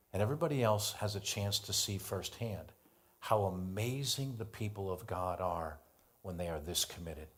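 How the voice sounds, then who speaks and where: An American man preaching a sermon as pastor, telling a Bible story with animated voices for the characters. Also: lowish voice. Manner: animated storytelling, acts out biblical dialogue.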